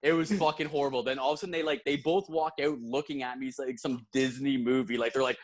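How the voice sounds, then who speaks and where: A man's voice: medium pitch, steady tone, fast. A man hosting a podcast, telling a long story in casual chat, rambling and swearing, with frequent restarts. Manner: rambling and profane, restarts a lot, laughs mid-story. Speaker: podcast host.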